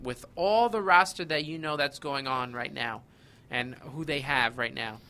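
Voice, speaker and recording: Man, podcast co-host, measured, questioning, bright tone. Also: on the high side. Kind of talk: casual wrestling podcast chat.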